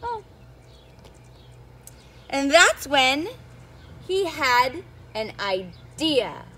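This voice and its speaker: A woman who is a children's storyteller, reading a picture book aloud to young children in an animated teacher's voice that keeps asking them questions. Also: sits high, very slow. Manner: animated, sing-song teacher talk with questions to the kids.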